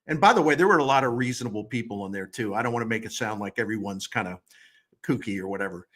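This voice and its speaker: A man's voice: lowish voice, fast, fairly bright tone. A man co-hosting a sports talk show, ranting with heat and sarcasm and getting worked up. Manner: heated, sarcastic rants. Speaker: sports radio co-host.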